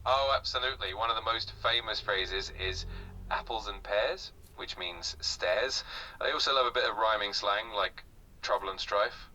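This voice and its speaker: A man's voice acting as an AI conversation partner, giving upbeat, smooth, friendly explanations in a casual tutoring style. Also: fairly low pitch, moderate pace, pushed and bright, far from the mic, a little hiss or hum, rough recording.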